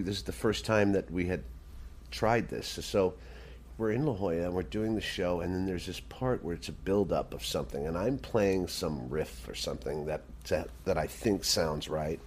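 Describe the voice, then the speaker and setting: A man telling a casual backstage story as an interview guest, animated, often restarting sentences and clearing his throat. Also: low-pitched, normal speed. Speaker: stage actor and guitarist, interview guest.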